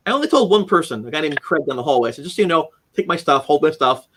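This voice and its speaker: Guy telling a story on an interview, kinda high voice, acts out the quotes, restarts a lot. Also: lively intonation, racing, fairly bright tone, slight background noise. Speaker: interview guest.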